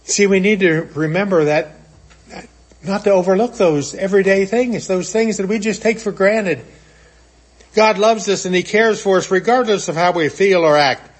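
High-voiced man preaching a sermon. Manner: earnest, retells scripture with acted-out quotes.

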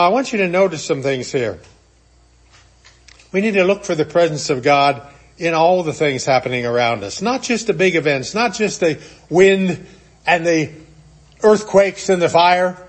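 A man with a high, light voice preaches a sermon. He speaks earnestly and retells scripture, voicing its quotes as he goes. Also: breathy edge.

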